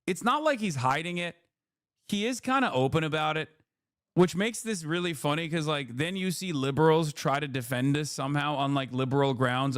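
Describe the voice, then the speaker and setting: A man's voice: on the high side, no echo, studio quality. A man streaming live political commentary, talking in a sarcastic, profane, rambling way.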